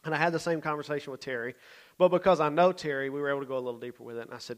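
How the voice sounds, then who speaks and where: A man's voice: fairly high pitch, racing, noisy background. A man, a youth pastor telling a story in a sermon, conversational and often checking in with his listeners.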